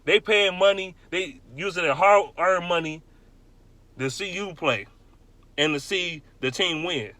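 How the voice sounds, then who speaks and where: A young man on a heated, profane rant, his voice pitched high and pushed hard. He hammers his points by repeating them. The sound is close and dry, with no room around it. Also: measured pace, bright, forceful tone, no echo. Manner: angry, blunt, repeats himself for emphasis. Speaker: sports fan vlogger.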